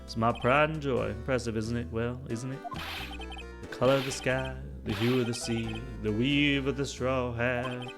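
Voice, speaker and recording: Pompous, gravelly older lawyer voiced by a man, loud and blustering, game music underneath. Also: mid-range voice, fairly even intonation, normal speed, close to an everyday voice. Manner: stammering, grandiose, flustered.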